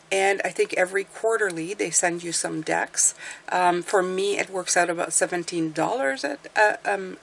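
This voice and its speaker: A woman's voice: medium pitch, vocal fry, fairly bright tone, a little hiss or hum. A woman tarot reader hosting her channel, talking in a casual, rambling, chatty way. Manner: rambling, talkative, self-deprecating.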